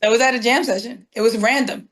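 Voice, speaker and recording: Animated woman telling a story. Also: on the high side, fast talker. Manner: animated storyteller acting out quoted dialogue. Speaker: guest saxophonist. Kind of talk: storytelling interview.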